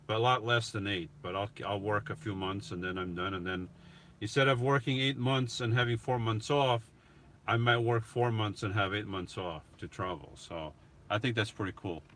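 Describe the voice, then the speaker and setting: A man's voice: on the low side, moderate pace, fairly bright tone, a little hiss or hum. A middle-aged man streaming live from his van on a phone, casually chatting and reading out viewer comments as he answers them. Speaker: vlogger hosting a live Q&A. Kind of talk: casual livestream chat.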